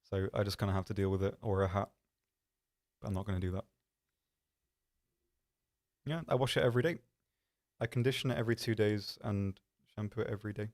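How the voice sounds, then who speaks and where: A man's voice: lowish voice, brisk, long pauses, darkish tone. A man hosting a live stream, chatting casually in a rambling, self-deprecating way with lots of ums. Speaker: stream host.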